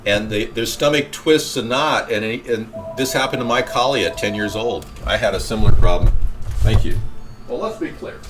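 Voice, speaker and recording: A man's voice: on the low side, normal speed, over music. Rambling male talk show host. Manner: rambling, reacting to callers and chat. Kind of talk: casual call-in talk show chat.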